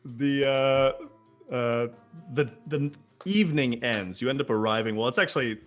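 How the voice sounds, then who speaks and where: A man narrates as game master in a loose, casual way, pausing often with fillers as he sets a scene. His voice sits in an ordinary middle range and sounds a little off mic. Faint music plays behind him. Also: medium pitch.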